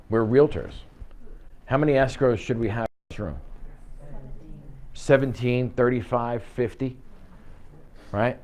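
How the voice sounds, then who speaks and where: Brief: male sales trainer at mid pitch, punchy, rhetorical, keeps asking the room "okay?", live class in an office. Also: a little mellow. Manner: punchy, peppers lines with "okay?" and rhetorical questions. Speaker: real estate sales trainer.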